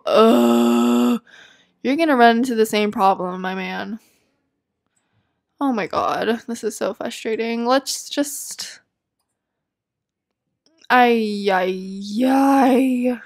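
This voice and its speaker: A woman's voice: on the high side, slow pace, vocal fry, pauses often. A young woman giving casual gameplay commentary, chatty and easily exasperated, laughing often. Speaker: let's play gamer.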